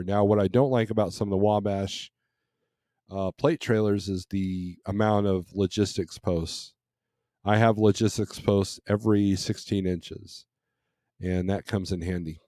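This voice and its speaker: A man's voice: fairly low pitch, darkish tone, dry recording, studio quality. A middle-aged man hosting a trucking live stream, reading and answering chat in a casual, rambling way with many restarts and fillers.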